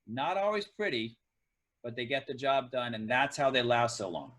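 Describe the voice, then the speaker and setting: A man's voice: medium pitch, lively intonation, moderate pace, a bit bright, rough recording. A middle-aged man and former pro kicker turned coach, a guest in a casual podcast interview, telling long reflective stories from sport. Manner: reflective, tells sports anecdotes at length.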